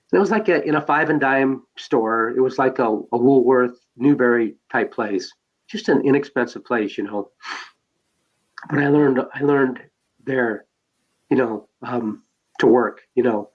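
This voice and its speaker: A man's voice: medium pitch, a little slow. A man telling his own life story as a podcast guest, rambling with many fillers and restarts. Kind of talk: personal life story told in conversation. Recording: dull lo-fi sound.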